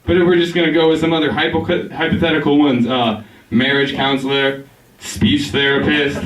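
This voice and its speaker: A man's voice: mid-range voice, moderate pace. Laid-back young male stand-up comic. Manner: laid-back, rambling, giggles at his own jokes. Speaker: stand-up comedian. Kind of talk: stand-up routine. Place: barber shop. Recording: echoey room, mic at a distance.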